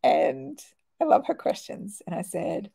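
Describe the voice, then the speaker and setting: A woman's voice: medium pitch, big pitch swings, unhurried, gravelly, mellow, slightly rough. A woman in her forties chatting casually with viewers as a host, laughing often and swearing now and then. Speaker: host answering viewer questions. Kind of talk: casual chat.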